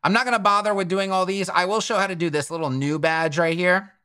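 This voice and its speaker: A man's voice: high voice, steady tone, fast, pushed and bright, clean tone. A man giving a screen-recorded coding tutorial, thinking aloud and correcting himself as he clicks through settings. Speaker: web development tutor.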